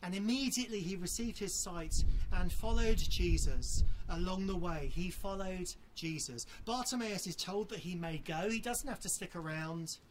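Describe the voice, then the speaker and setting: An earnest preacher delivering a sermon, speaking straight to the congregation in a mid-range voice. Key phrases come back again and again, drawn out slowly for weight. A faint hiss of noise sits under the speech. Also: medium pitch. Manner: appeals directly to listeners.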